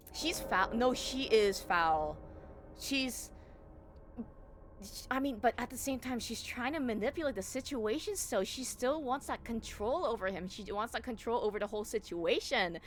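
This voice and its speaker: A woman's voice: medium pitch, fairly bright tone, slight background noise. A young woman voice actor chatting casually about her role, rambling with lots of fillers. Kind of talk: casual commentary on her own performance.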